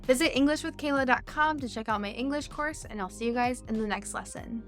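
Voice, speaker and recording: Woman english teacher, voice a bit high, patient, goes through lots of examples, soft music behind. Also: fairly quick. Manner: patient, explains step by step with many examples. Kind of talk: online English lesson.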